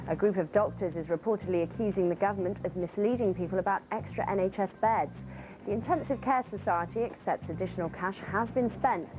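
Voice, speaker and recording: A woman reading a short news bulletin in a steady, clear way. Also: medium pitch, poor audio. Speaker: newsreader.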